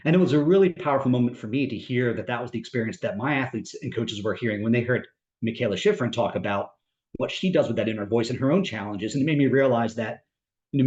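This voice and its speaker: A man's voice: mid-range voice, a little mellow, reverberant, highs cut off. A man who is a mental performance coach, speaking reflectively on a podcast and telling a story with many fillers and restarts. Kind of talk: podcast discussion, long explanation.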